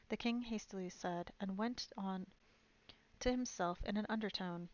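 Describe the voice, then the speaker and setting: A woman's voice: medium pitch, measured pace. Woman narrating a storybook, lo-fi audio. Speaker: streamer reading aloud. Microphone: streaming mic. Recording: dull lo-fi stream audio.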